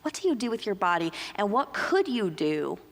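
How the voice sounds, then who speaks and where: A woman's voice: mid-range voice, moderate pace. Woman giving a talk in a reverberant hall. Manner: lively, uses acted-out quotes. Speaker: conference speaker. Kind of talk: conference talk. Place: church hall. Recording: long reverb of a large hall.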